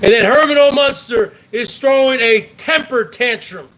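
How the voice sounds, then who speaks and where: A man's voice: very high voice, normal speed, a bit bright, low-quality recording. A man hosting a livestream, delivering an angry, profane and sarcastic rant at another streamer. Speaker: host. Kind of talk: ranting livestream commentary.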